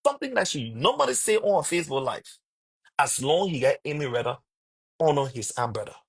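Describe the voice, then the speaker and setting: A man from Liberia speaks in a loose commentary monologue, going back over who said what and repeating his key points for emphasis. His voice is gravelly, with a husky, slightly rough edge. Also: fairly high pitch, big pitch swings, brisk. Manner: repetitive, emphatic retelling of conversations. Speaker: online commentator. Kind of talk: casual storytelling monologue.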